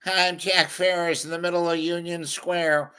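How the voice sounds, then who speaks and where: A man's voice: a little high, little pitch movement, normal speed, sharp tone, clear, resonant tone. A man impersonating a smarmy male street reporter who is chasing women.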